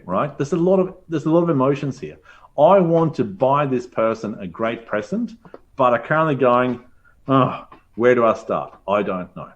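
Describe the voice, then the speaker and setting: A man presenting a design thinking workshop to teachers, animated and acting out his own thoughts in quick quoted asides. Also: mid-range voice, dull audio.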